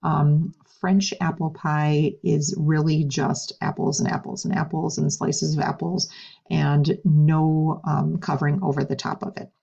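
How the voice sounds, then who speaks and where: A woman's voice: sits low, level tone, measured pace, creaky, mellow, slightly rough, lo-fi sound. A woman teaching a recorded French lesson, patiently explaining words and stressing correct pronunciation. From United States.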